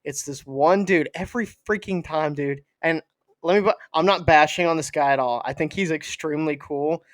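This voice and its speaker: Higher-pitched podcast dude cracking jokes, dry no-room sound. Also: male voice, normal speed, no room sound. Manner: teasing, goofy banter. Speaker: podcast co-host. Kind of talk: casual chat.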